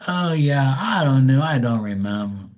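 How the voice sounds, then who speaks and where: A man's voice: mid-range voice, animated, normal speed, voice pushed up, natural voice. A man imitating his elderly mother, nearly eighty, who is dismissive and touchy about her age. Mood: irritated.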